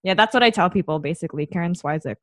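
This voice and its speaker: A middle-aged woman chats as a podcast guest, rambling and giggling, and pokes fun at herself. Her voice is a little low for a woman. The sound is dry with no room echo. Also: rapid-fire. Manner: giggly, rambling, self-deprecating. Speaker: guest, small business owner. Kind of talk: casual interview chat.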